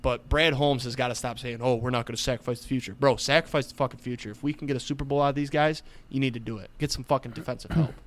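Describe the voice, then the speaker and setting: A man's voice: mid-range voice, steady tone, fast talker, few pauses. A young man co-hosting a casual sports podcast, ranting heatedly with lots of swearing. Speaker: podcast co-host.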